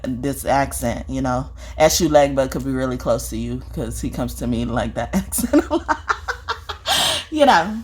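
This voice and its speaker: A woman's husky voice rises and falls widely as she delivers a spiritual reading. She scolds and swears at an unnamed listener, says the same line again and again, and closes her points with a pointed "okay?". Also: low-pitched. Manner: profane, scolding, repeats herself, says "okay?" often. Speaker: spiritual reader. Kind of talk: confrontational spiritual vlog monologue.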